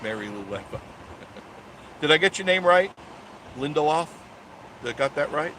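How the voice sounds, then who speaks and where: A man's voice: a little high, animated, moderate pace, sharp tone, slight background noise, rough recording. A man in his sixties hosting a live stream, chatting casually and joking sarcastically as he reads viewer comments. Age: 60s.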